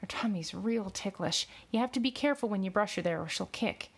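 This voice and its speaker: A woman's voice: fairly low pitch, moderate pace, creaky. A woman voicing a young male farmhand who pleads in plain, earnest words. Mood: desperate pleading.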